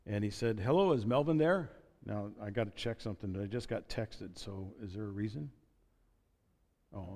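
A man's voice: lowish voice, in a large hall. A man preaching a sermon as pastor, conversational and joking, with asides and restarts.

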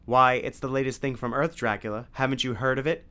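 A man's voice: medium pitch, steady tone, brisk, pushed and bright, clean tone, natural voice. A man voicing a cheeky, plucky boy hero in a storybook reading, with a spirited delivery.

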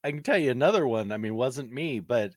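A man co-hosting a podcast, telling stories in a casual, animated way. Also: medium pitch, brisk, no echo. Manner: animated, laughing storytelling. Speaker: podcast co-host. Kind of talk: casual chat.

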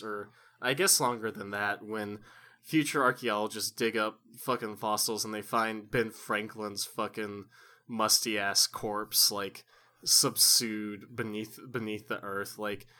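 A man with a bright, forward voice co-hosts a comedy podcast. He reads listener questions and riffs in loose, swear-heavy banter. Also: fairly low pitch, fairly even intonation, takes it slowly. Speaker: podcast co-host. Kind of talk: casual comedic chat.

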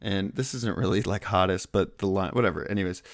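A man's voice: deep voice, a little fast, creaky, no room sound, clean studio sound. A man co-hosting a casual chat, blunt and profane, rambling through his stories.

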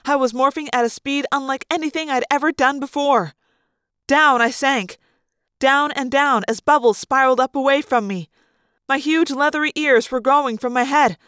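A woman reads a first-person story aloud, acting out the scenes with feeling. Her voice is high, and the sound is dry and close with no room echo. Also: moderate pace, a bit bright. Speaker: audiobook reader.

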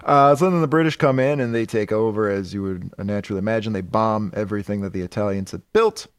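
A man's voice: on the low side, fast, clear, resonant tone, no room sound. Dry-voiced man swearing through a comic recap. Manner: retells comic plots with profanity and laughs. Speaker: podcast co-host. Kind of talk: casual chat.

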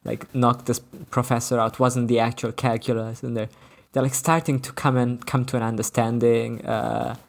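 A man's voice: mid-range voice, flat delivery, normal speed, creaky. A man from Italy co-hosting a casual comic book chat, rambling and dotting his talk with fillers. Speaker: podcast co-host.

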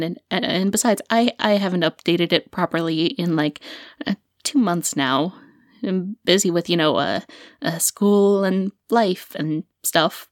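A woman's voice: fairly low pitch, dry recording, clean studio sound, natural voice. An actress playing a young woman student who talks nervously, stammering with many fillers. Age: young adult. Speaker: student and podcaster.

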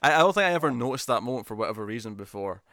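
A man co-hosting a podcast, discussing a film casually in halting speech with repeated words and laughs between points. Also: mid-range voice, animated, sharp tone, dry recording, studio quality. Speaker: podcast co-host.

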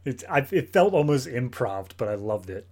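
A man from the United States co-hosting a casual film review podcast in a relaxed, easygoing way. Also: mid-range voice, normal speed, breathy edge. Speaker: podcast co-host.

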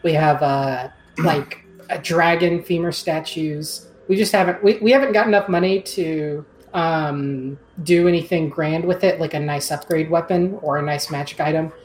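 A young woman playing a tabletop game in casual chat, excitable, swearing freely and stammering when upset. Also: sits low, normal speed, reverberant, low-quality recording.

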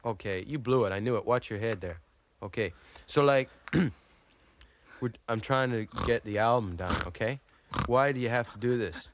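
A male actor with a mid-range voice, close to an everyday one, plays a dim, easily flustered Canadian hoser on a comedy album. He rambles and bickers at a moderate pace in a Canadian accent, full of fillers, through an improvised sketch, with a little hiss or hum in the recording.

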